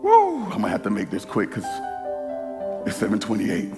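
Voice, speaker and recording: A man preaching an energetic sermon at a church service. He shouts, stretches his words for emphasis and speaks straight to the congregation. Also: lowish voice, a little fast, music in the background. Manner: addresses the congregation directly. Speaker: pastor.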